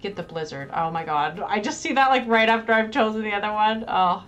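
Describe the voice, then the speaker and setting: Excitable woman streaming a game. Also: mid-range voice, a little fast, dull audio. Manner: excitable, frequent exclamations and mild swearing. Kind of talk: live gameplay commentary.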